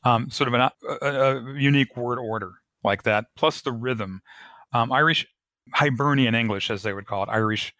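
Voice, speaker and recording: A man, an author being interviewed on a podcast, explaining his craft in a thoughtful, measured way. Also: mid-range voice, pushed and bright, dry recording. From United States. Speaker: author guest.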